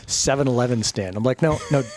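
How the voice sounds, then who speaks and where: A man's voice: medium pitch, fairly quick, darkish tone, slight background noise. A middle-aged man in a casual chat, recounting a friend's antics with plenty of swearing and quoted dialogue. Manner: profane, amused, acts out what friends said.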